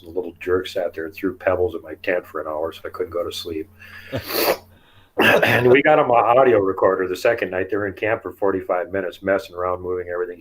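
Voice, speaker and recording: A man with a somewhat low voice tells his camping stories in a relaxed, chatty way. He laughs easily and slips into acting out what people said. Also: a little hiss or hum, rough recording. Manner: chatty, laughs often, acts out quotes. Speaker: guest telling field encounters. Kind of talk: casual storytelling interview.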